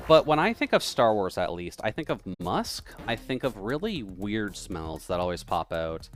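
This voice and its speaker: A male streamer chats casually with his viewers while playing, rambling and joking between game lines. His voice is deep and low, with soft music faintly underneath. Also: big pitch swings, measured pace. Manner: rambling, joking, laughs often. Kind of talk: casual live-stream chat while gaming.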